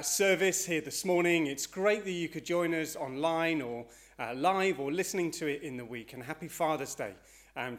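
Breathless church leader, halting. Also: male voice, on the high side, fairly bright tone. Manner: hesitant, many uhs and ums. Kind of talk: service welcome and notices.

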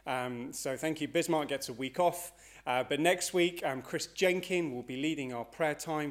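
A man leading a church service, slightly out of breath, giving notices with frequent hesitations. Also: a little high. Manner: hesitant, many uhs and ums.

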